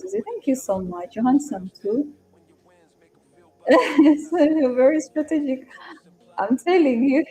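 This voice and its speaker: A woman's voice: medium pitch, warm tone. A young woman with an East African accent, hosting a casual live stream, chatting with viewers, greeting them by name and reading their comments aloud. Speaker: live-stream trader and host.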